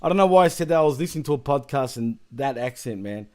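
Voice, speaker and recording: A man's voice: mid-range voice, animated, quick pace, dark tone. Chatty man hosting a podcast. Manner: chatty, laughs often, rambling asides. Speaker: podcast host. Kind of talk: casual podcast chat.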